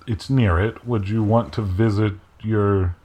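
Man with a very low voice running a game. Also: a little slow. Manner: relaxed, hesitant with many fillers. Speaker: game master. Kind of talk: narrating a tabletop game.

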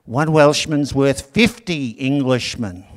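A pastor voicing a boastful hidden Welsh warrior, calling out loudly and slowly in a sermon story. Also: male voice, medium pitch, animated, long reverb tail. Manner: loud, slow, proclaiming.

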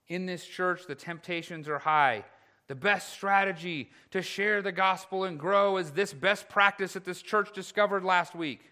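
A pastor delivers his sermon with a keen, bright tone and a voice set a little higher than most men's. He pushes hard and loud in some stretches, then falls to a quiet, slow hush. The delivery keeps shifting in force and pace. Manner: dynamic preaching, swinging from loud to hushed.

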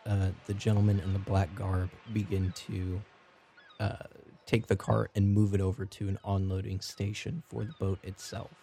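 Male game master, low gravelly voice, dark tone, relaxed narration, faint background noise. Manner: relaxed, with frequent "uh" fillers.

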